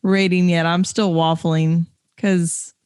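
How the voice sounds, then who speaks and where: A woman's voice: fairly low pitch, level tone, takes it slowly, a little mellow, smooth, dry recording. A young woman from Texas co-hosting a casual movie podcast, playful and giggly, drawing her words out. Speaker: podcast co-host. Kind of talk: casual chat.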